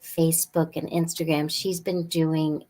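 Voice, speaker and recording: A woman guest on a podcast, chatting in a bubbly, rambling, excitable way. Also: sits low, unhurried. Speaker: guest actress. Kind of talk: casual podcast chat.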